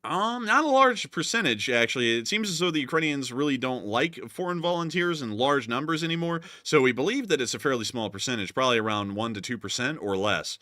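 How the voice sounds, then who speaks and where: A man's voice: medium pitch, lively intonation, brisk, few pauses, pushed and bright, no room sound, clean studio sound. A young man from the American South with a light, mostly neutral accent, hosting a live stream in chatty, rambling talk full of fillers. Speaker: host.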